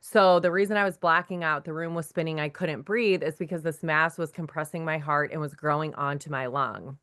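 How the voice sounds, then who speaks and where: Woman in her 30s telling her testimony, kinda low voice, smooth, chatty, acts out what everyone said. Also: fairly even intonation, fairly quick, fairly bright tone. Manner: talkative storyteller, acts out quoted lines. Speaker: guest sharing her testimony. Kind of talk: personal testimony in a faith meeting.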